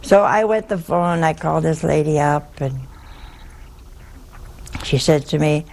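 A woman's voice: low-pitched, unhurried, creaky, darkish tone. An older woman, a nun, telling a humorous story in a folksy, wry way with frequent chuckles. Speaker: nun giving a talk.

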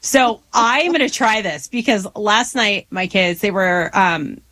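A woman's voice: mid-range voice, a little slow, sharp tone. A woman co-hosting a casual chat, speaking emphatically and encouragingly to listeners.

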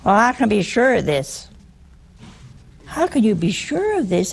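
A woman's voice: on the high side, sing-song, takes it slowly, long pauses, darkish tone, slightly rough. A woman preaching a conversational sermon, teasing and humorous, often asking listeners questions.

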